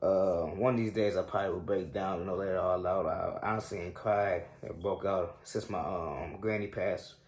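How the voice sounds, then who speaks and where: A man's voice: sits low, fairly even intonation, normal speed, few pauses, reverberant. A young man in his twenties hosting a sports show, telling a personal story in a casual, slangy, reflective way with frequent fillers.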